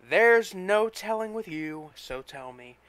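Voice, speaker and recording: A man reading a story, voicing a soft-spoken, cheerful young woman who is the hero's girlfriend. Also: sits high, animated, slow, clear, resonant tone, no room sound, pitched above the performer's own voice, full character voice.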